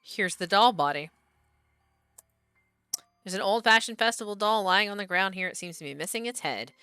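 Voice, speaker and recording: A woman's voice: mid-range voice, animated, normal speed, sharp tone, clean tone, no room sound, soft background music. A woman streamer playing a horror game, chatting, reading the on-screen text aloud, and talking back to the characters.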